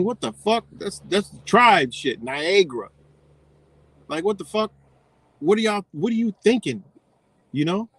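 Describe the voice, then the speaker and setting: A man's voice: mid-range voice, no echo. A man ranting profanely in a casual livestream, rambling and losing his train of thought. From United States.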